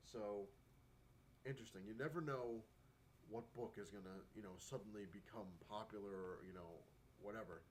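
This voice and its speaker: A man's voice: on the low side, moderate pace, a little hiss or hum. A man vlogging casually about collecting comic books, rambling and chatty, with lots of fillers and acted-out quotes. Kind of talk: casual talking-to-camera vlog.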